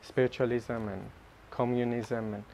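Man, mid-pitched, candid group-talk speaker; animated, pokes fun at himself, laughs mid-line. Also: measured pace, gravelly, slight background noise. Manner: animated and self-mocking, laughing often mid-sentence. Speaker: speaker sharing at a group retreat. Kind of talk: personal spiritual talk.

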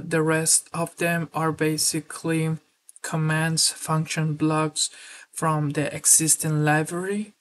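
A woman presenting a screen-recorded software tutorial, explaining steps steadily and filling pauses with "uh". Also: low-pitched. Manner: steady explanatory walkthrough with filler words.

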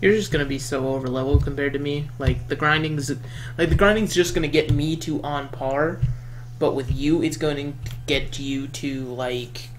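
A man's voice: on the high side, moderate pace, a little hiss or hum. A man chatting casually while playing a video game, complaining and trading competitive banter. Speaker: gaming streamer.

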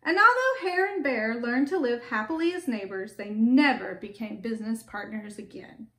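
A woman reading a picture book aloud to children, gentle and stopping to ask them questions. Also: fairly high pitch, lively intonation, normal speed. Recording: echoey room with faint background.

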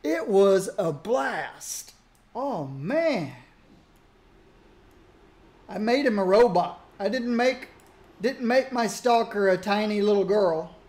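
A man casually reminiscing about old games while he plays, musing aloud in a relaxed way. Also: high voice, slow, long pauses. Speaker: gaming streamer. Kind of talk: casual commentary while playing.

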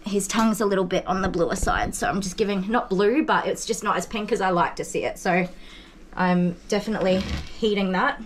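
A woman dog groomer talking softly and apologetically to a frightened dog while she works. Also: medium pitch, fairly even intonation, brisk. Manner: soft, apologetic soothing of a dog. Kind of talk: vlog talk while grooming. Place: grooming salon. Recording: clear clipper and room noise. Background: electric clippers buzzing.

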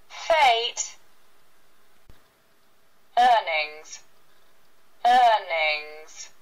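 A woman reading English vocabulary words one at a time for learners, saying each word twice with pauses between. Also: on the low side, poor audio. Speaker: vocabulary reader.

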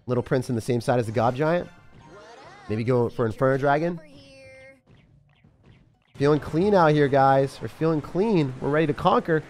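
A young man giving live commentary as he plays a mobile game, thinking aloud and breaking into sudden excited yelps. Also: medium pitch, normal speed, pauses often, faint music behind. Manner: excitable, talks to himself while playing, sudden yelps. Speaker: game streamer.

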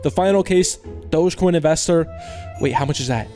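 Over background music, a young man with a slightly high voice and brisk delivery hosts a case-opening video, talking to viewers in slang. He groans when he loses and cheers loudly when he wins, swinging between frustration and excitement in his gaming commentary.

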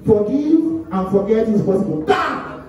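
High, lively Nigerian man chanting poetry. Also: unhurried. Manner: chanting, rhythmic repetition with shouted refrains. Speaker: performance poet. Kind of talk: spoken word poetry performance. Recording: echoey hall from far off, music and crowd.

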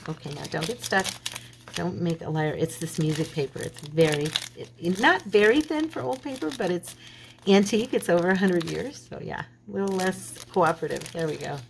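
A woman with a voice on the low side and some vocal fry chats at normal speed while crafting at a home table for her channel, rambling through a story. The audio is poor, with a slight hiss or hum.

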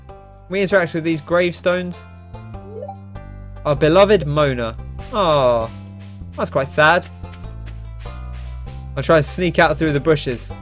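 A young man casually commenting on a video game as host, chatty with wry asides. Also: a little high. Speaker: let's play host.

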